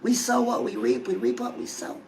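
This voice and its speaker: A woman's voice: a bass voice, big pitch swings, moderate pace, a little mellow, faint music behind, poor audio. A woman hosting a love and dating advice show, talking casually and confidingly to her listeners. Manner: chatty, confiding, addresses listeners as girl. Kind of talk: casual advice talk to viewers.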